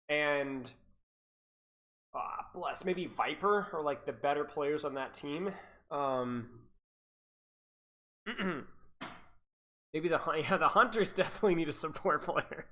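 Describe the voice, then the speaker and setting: A man's voice: fairly high pitch, bright, forceful tone. A man and esports coach chatting casually on a livestream, rambling, repeating himself and laughing to his viewers. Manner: talks to chat viewers.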